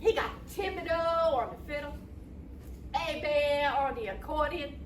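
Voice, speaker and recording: Woman doing an excitable sheriff. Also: very high-pitched, measured pace. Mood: rambling. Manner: rambling, bursts into excited shouts. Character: excitable Cajun male sheriff, chatty. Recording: roomy hall, mic far off, noisy.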